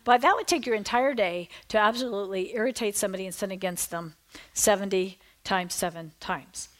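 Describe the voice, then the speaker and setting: A woman pastor preaching and reading scripture aloud, animated and digressive, with emphatic asides to the congregation. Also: mid-range voice, a little fast.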